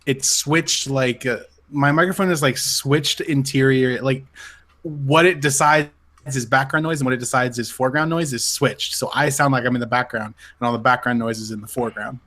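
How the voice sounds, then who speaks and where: A man's voice: mid-range voice, fairly even intonation, normal speed, a bit bright. A man co-hosting a casual podcast chat, explaining loosely and apologetically. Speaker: podcast co-host.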